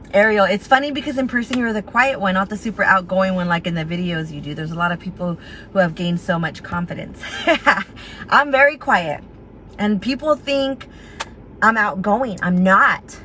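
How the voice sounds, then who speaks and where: A woman's voice: medium pitch, sharp tone, slight background noise, rough recording. A woman with a slight lisp giving a chatty, motivational recruiting talk, acting out her own inner voice and laughing at herself. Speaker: network marketing team leader.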